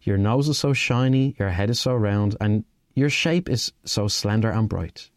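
A man hosting a casual podcast, reading verse in a slow sing-song and chatting with his co-host. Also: fairly low pitch, no room sound. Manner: reads a nursery rhyme in a slow sing-song. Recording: dry close mic with faint music behind.

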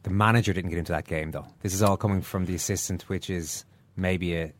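Irish podcast host guy, lowish voice, dry close sound, keeps things moving. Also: fairly even intonation, fast talker, dry recording. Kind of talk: casual sports chat.

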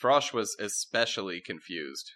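A man narrating a comedic fantasy story in a wry, deadpan way for a podcast. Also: fairly low pitch, a little slow. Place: podcast recording with friends.

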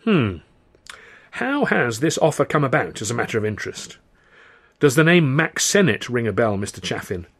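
A man's voice: medium pitch, big pitch swings, moderate pace, a bit bright. A man playing a breezy, self-assured young comedian who talks in an airy, flamboyant, declamatory way. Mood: theatrical.

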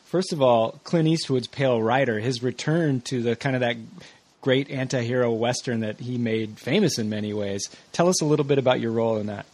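A man hosts an interview, steering his guest with brisk, upbeat questions. His voice is middle-pitched, and the sound is dry and close with no room around it. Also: a little mellow, dry recording. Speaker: podcast host.

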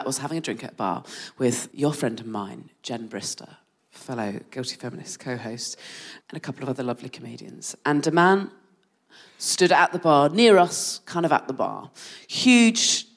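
A woman co-hosting a comedy show, telling a story live and laughing through it. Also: low voice. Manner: animated, laughing through the anecdote. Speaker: podcast co-host.

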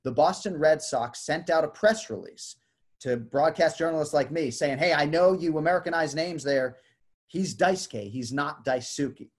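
A man in relaxed conversation, a combat sports broadcaster who talks in a lively way and acts out how names are pronounced. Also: on the high side, moderate pace. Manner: animated, demonstrates name pronunciations. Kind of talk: casual chat.

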